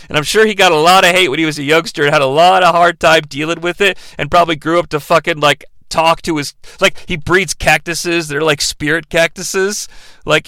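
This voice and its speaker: Bright-voiced, ranting male podcast host. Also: on the high side, fairly even intonation, a little fast, no echo. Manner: profane, ranting, sarcastic. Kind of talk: comedic bad-movie review.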